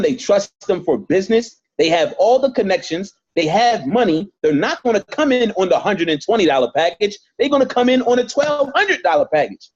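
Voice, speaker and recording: A high-sitting, slightly mellow male voice, captured with dull audio. He is running a network marketing training on a video call, speaking straight to the group with emphasis and going over his points again and again.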